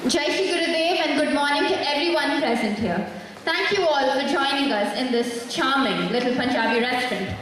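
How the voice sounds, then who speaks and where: A young woman on a school stage introducing the cast in bright, expressive scripted announcing. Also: sits high, moderate pace, far from the mic, slight background noise. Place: large school hall stage. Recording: echoey hall, from afar.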